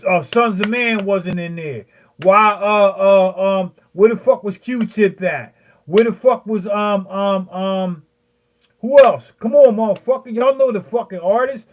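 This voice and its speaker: A man in his fifties, a beat maker, ranting heatedly at his viewers, profane and rambling, with many fillers and pauses. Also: high voice, a bit bright. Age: 50s.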